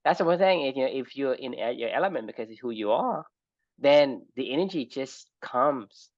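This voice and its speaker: A man's voice: medium pitch, lively intonation, normal speed, no echo. Brief: casual male co-host, explanatory, slightly dull lo-fi mic, dry room. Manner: explains with animal analogies, repeats "right?". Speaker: podcast co-host. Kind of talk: casual podcast chat.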